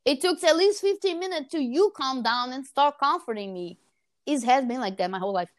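A woman's voice: high-pitched, lively intonation, brisk, no room sound, clean studio sound. A woman in her thirties in casual chat, telling stories animatedly and acting out the voices she quotes. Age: 30s.

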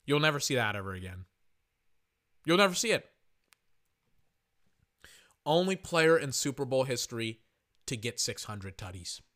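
Hoarse, passionate man ranting about sports. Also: medium pitch, big pitch swings, normal speed, long pauses, a bit bright. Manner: passionate and emphatic, heavy repetition. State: hoarse, losing his voice. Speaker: podcast host. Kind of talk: sports opinion rant.

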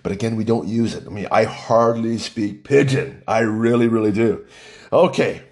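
A man's voice: lowish voice, normal speed, darkish tone. A middle-aged man from Hawaii, rambling through a casual monologue full of restarts and fillers.

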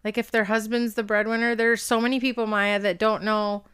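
A woman's voice: on the high side, level tone, brisk, a bit bright, clean tone. A woman co-hosting a podcast, telling stories in casual chat with lots of fillers. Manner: chatty storyteller, lots of fillers. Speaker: podcast co-host.

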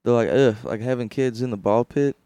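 A man's voice: medium pitch, fairly quick, warm tone, smooth, dry recording. A young man co-hosting a podcast, trading crude jokes, laughing often and slipping into goofy put-on voices. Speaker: podcast co-host. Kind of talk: crude comedic banter.

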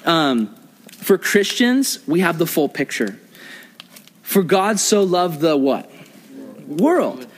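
A young man with a high voice gives a conversational sermon to a youth group. He keeps putting questions to his listeners. His voice rings out in a hall with a long reverb. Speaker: youth pastor.

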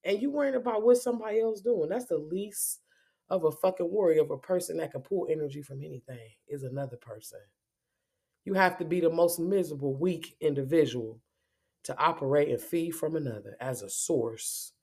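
A woman's voice: low-pitched, a little fast, a little mellow, slightly rough. A woman giving a profane, confrontational spoken rant as a spiritual vlogger, cursing heavily and repeating herself.

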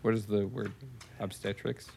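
A man's voice: on the low side, little pitch movement, moderate pace, gravelly, dark tone, breathy edge. A man from Wisconsin co-hosting a podcast in easygoing casual chat, often asking questions. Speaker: podcast co-host.

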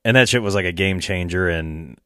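A man's voice: sits low, brisk, fairly bright tone, clear, resonant tone, no room sound, studio quality. A man telling rambling stories in casual chat, laughing and swearing often.

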